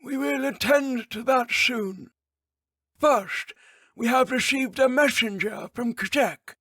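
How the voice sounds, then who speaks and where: A man voicing a loud, high-voiced male ruler who speaks in a stately, formal royal manner. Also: takes it slowly, dry recording, studio quality, heavily acted. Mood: regal. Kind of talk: audiobook character voice.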